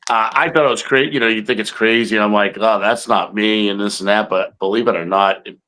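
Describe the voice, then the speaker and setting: A man's voice: lowish voice, a little fast, sharp tone, a little hiss or hum, low-quality recording. A man co-hosting a podcast, telling a field story in a rambling way with many fillers. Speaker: podcast co-host, Bigfoot investigator. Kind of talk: casual chat.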